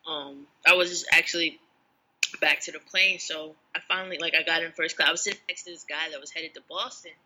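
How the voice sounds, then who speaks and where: A podcast co-host in casual chat, telling a travel story in a relaxed way. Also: mid-range voice, a little fast, poor audio.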